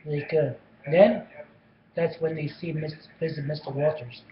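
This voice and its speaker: Man, fairly high voice, rambling casual movie recap full of restarts; muffled lo-fi recording. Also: fairly even intonation, normal speed. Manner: rambling, many restarts and repeated phrases. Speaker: movie reviewer.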